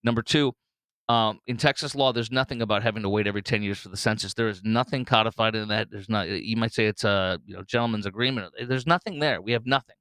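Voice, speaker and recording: A man's voice: lowish voice, fast, fairly bright tone, clear, resonant tone, no room sound. A man hosting a solo political commentary show, talking bluntly and mockingly with frequent fillers and restarts.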